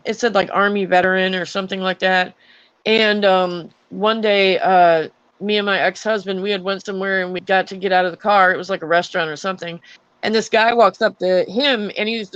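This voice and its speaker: A woman's voice: mid-range voice, steady tone, fairly quick, a bit bright, clean tone, dry recording, dull audio. A young adult woman who is an army veteran, telling stories in a casual chat with lots of fillers and restarts. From Florida. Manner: rambling storytelling with many fillers.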